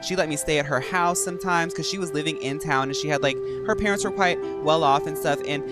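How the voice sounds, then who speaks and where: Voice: medium pitch, fast, loud music behind the voice. A young adult streamer chatting casually and rambling with lots of fillers while gaming.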